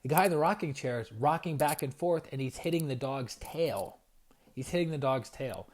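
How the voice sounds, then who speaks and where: A man in his forties hosting a casual evening livestream as a spiritual coach, telling stories in a rambling, lively way and greeting viewers by name. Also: medium pitch, normal speed. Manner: animated storyteller, rambling with restarts and viewer shout-outs. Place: home at night.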